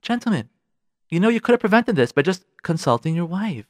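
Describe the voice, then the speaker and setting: A man's voice: high-pitched, brisk, no echo, studio quality. A man hosting a radio advice show. He lectures on marriage in a preachy way and keeps acting out little scenes. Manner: animated, preachy, acts out scenes. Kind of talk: relationship advice talk.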